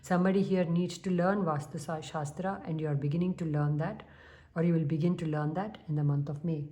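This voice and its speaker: Woman, tarot reader, low mellow voice, calm, unhurried, soft humming pauses. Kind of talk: spiritual tarot reading to viewers.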